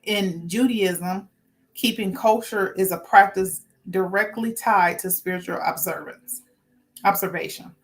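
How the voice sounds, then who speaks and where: A woman's voice: mid-range voice, a little slow. A woman hosting a casual spiritual talk, earnest and informal, often restarting sentences as she works through her points. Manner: rambling, restarts, talks herself through points. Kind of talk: casual spoken talk with notes.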